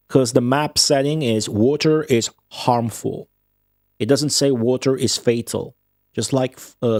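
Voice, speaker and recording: Male streamer, non-native English speaker with a slight Midwestern and Australian tinge. Mid-pitched, casual, profane running commentary, dry close mic. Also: darkish tone, no echo. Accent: slight Midwestern with a touch of Australian. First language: Italian. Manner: profane, rambling and offhand. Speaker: game streamer. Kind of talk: live gameplay commentary with chat.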